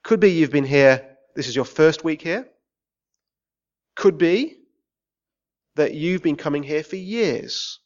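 Englishman preaching with lively swings. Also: fairly high pitch, takes it slowly, long pauses, dull audio. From England. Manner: swings from shouting rants to quiet pleading. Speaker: visiting preacher. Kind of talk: sermon. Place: church.

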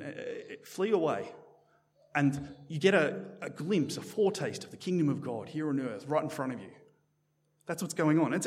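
Animated, chatty male preacher. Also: a little high, long reverb tail. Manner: conversational, animated, with frequent restarts. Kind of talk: sermon. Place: church. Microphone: microphone.

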